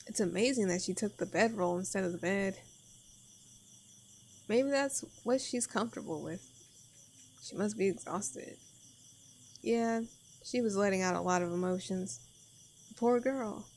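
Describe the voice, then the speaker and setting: A woman's voice: medium pitch, unhurried, long pauses, darkish tone. A young woman reading a visual novel aloud, with casual, joking asides. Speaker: game streamer.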